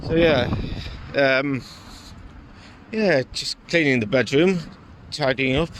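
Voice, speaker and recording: A man vlogging outdoors on a phone in wind and rain, rambling with many fillers and pauses. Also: mid-range voice. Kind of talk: casual vlog chat. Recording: heavy wind noise on phone mic.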